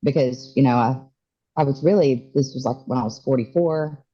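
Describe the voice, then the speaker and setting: A woman in her forties tells a hard personal story as a podcast guest, often halting and restarting. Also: very deep voice, dark tone, highs cut off. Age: 40s. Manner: emotional, halting, many restarts. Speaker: interview guest.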